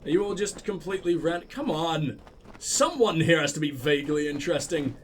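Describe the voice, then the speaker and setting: A high-voiced man riffing through a let's play, sarcastic and swearing freely as he mocks the characters he meets. His commentary is loose and animated. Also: fairly quick, a little hiss or hum. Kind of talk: casual gameplay commentary.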